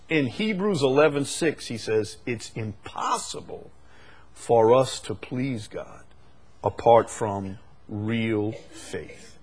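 A man preaching a sermon, moving from quiet, conversational explanation to loud, emphatic, repeated declarations. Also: mid-range voice, animated, slow pace, husky. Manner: swings from quiet explaining to shouted emphatic climaxes.

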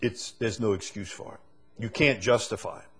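A man's voice: on the low side, moderate pace, husky, faint music behind. A male preacher giving a sermon, asking the same question again and again and building to emphatic peaks.

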